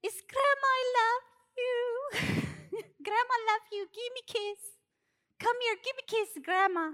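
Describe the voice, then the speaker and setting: Woman playing a sweet elderly grandmother: very high, slow, broken English, cooing. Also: mellow, heavily acted. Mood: doting.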